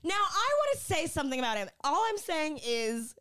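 A high-voiced woman co-hosts a podcast, her pitch swooping all over as she chats excitedly. She laughs often and acts out what others said. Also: brisk. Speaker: podcast co-host. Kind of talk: casual chat.

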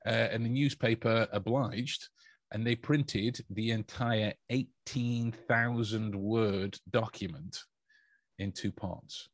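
A man's voice: on the low side, steady tone, takes it slowly, no echo, studio quality. A man hosting a podcast, telling a story in a casual, joking way with lots of stumbling restarts. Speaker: podcast host. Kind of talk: casual chat.

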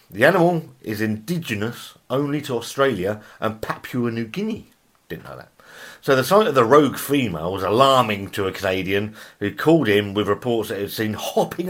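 A podcast host reads bizarre headlines for his comedy show in a brisk, sing-song voice whose pitch bounces all over the place. He keeps breaking off to laugh and riff, swears freely, and stumbles over words before apologising.

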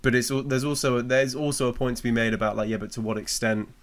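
A man's voice: medium pitch, steady tone, quick pace. An English man, a comedian, in casual chat, frank and opinionated, thinking aloud as he talks. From England.

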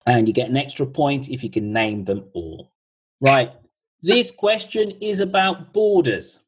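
A man hosting a podcast over a video call, reading out quiz questions slowly and repeating each one in a chatty way. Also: mid-range voice, husky, low-quality recording. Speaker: podcast host running a quiz.

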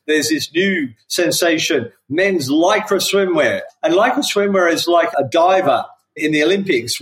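A man's voice: a little high, poor audio. A middle-aged Australian man, a company founder, telling his story in an interview and acting out the people he quotes. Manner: animated, acts out the voices of people he quotes. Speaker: company founder, podcast guest.

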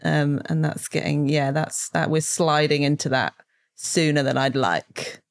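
A woman's voice: low voice, measured pace, vocal fry. A pregnant woman, a comedian guest on a podcast, telling rambling anecdotes and laughing often. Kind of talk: casual podcast chat.

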